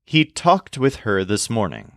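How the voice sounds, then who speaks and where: A man explaining verb forms in a scripted language lesson, speaking slowly and deliberately and spelling words out. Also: on the low side, huge pitch swings, dry recording, studio quality. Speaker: language teacher.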